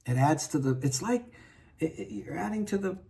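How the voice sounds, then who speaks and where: A man's voice: a little high, animated, normal speed, creaky, noisy background. A man venting in a rambling, frustrated monologue, full of restarts and asides. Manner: frustrated, rambling, many restarts and "you know". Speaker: guitar vlogger.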